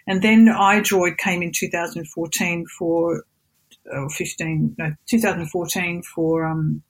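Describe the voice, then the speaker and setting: Lively, husky-voiced Australian woman in her middle years, guest on a chat show. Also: lowish voice, a little slow, low-quality recording. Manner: animated storyteller, mimics voices. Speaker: voice actress and singer, guest. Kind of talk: casual interview chat.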